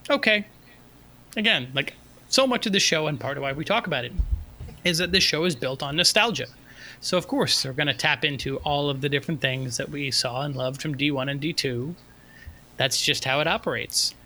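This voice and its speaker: Bright-voiced man chatting on a podcast. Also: on the high side, fairly quick. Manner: relaxed, wry, critical but good-natured. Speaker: podcast co-host. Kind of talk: casual podcast chat.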